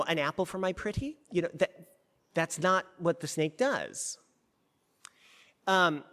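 A male preacher with a fairly high voice delivers a sermon in an animated, conversational way. His pitch swings widely as he restarts and rephrases often. A long reverb trails his voice through the large hall.

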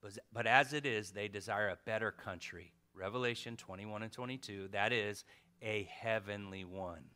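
A man in his thirties preaching a casual sermon, swinging from loud exhortation to hushed emphasis. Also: fairly low pitch, moderate pace.

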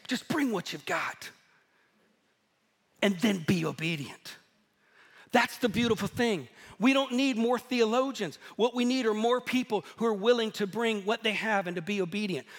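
A man preaching a sermon, telling stories in a lively, animated way and laughing at himself now and then. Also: sits high. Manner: storytelling, animated, self-deprecating laughs. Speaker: pastor. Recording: echoey hall.

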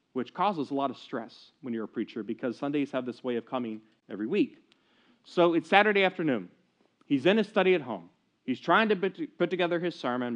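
A man preaching a sermon at a church service, telling a story earnestly, in a dull lo-fi recording. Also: medium pitch. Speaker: pastor. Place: church service, streamed online.

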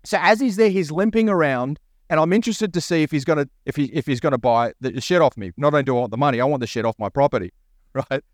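Man, pastor, storytelling sermon, slightly high voice, dry close sound. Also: fast talker, dry recording. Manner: animated storyteller acting out both sides of a conversation.

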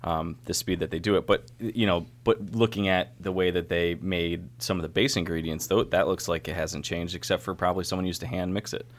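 A man's voice: low-pitched, steady tone, a little fast, hardly any pauses. A man in casual chat as a guest brewer, rambling and restarting his sentences often.

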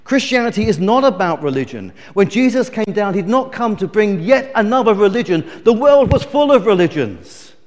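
A man's voice: high-pitched, big pitch swings, normal speed, hardly any pauses, darkish tone, in a large hall. A middle-aged man preaching a sermon, telling stories with emphasis and small restarts. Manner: storytelling, emphatic, self-correcting.

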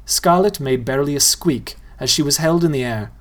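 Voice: mid-range voice, lively intonation, fairly quick. A playful reader narrating a novel aloud and addressing the listener directly. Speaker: storyteller.

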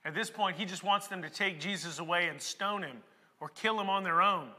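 Male pastor, very high bright voice, sermon with dramatic hush-to-shout swings, long hall reverb. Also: a little fast. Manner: preaching with dramatic swings between hushed and shouted passages.

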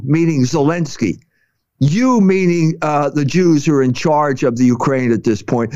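A man hosting an opinionated commentary chat, talking with passion, halting often and restarting his sentences. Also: a little high, a little mellow, no room sound. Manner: impassioned, halting, many restarts. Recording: dry, slightly muffled recording.

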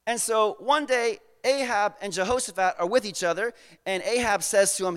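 High-voiced casual preacher. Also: male voice, fairly quick, smooth, big-room sound. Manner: casual, paraphrasing with slang. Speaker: pastor. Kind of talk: sermon storytelling.

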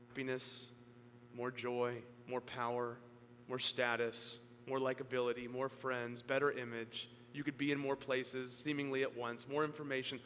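Earnest preacher in a reverberant hall. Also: male voice, a bit bright. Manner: earnest, building to emphatic peaks, then dropping low. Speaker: pastor. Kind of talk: sermon. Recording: long hall reverb, faint hum.

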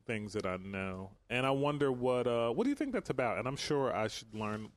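A man's voice: medium pitch, very animated, a little fast, no room sound. A man co-hosting a podcast in casual chat, careful and fond of citing figures. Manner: careful, cites figures, fact-checking. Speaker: podcast co-host.

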